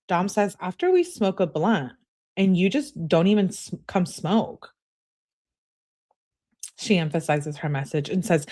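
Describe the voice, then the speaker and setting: A woman's voice: lowish voice, lively intonation, a little slow, darkish tone. A woman commentating on a true crime case, reading out text messages and reacting bluntly with sarcasm and swearing.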